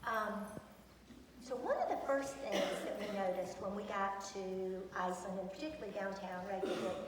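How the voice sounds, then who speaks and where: A woman's voice: mid-range voice, moderate pace, a little hiss or hum. A woman teacher presenting to students, chatty and enthusiastic, with many ums. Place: large echoey school hall. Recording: echoey hall from far off.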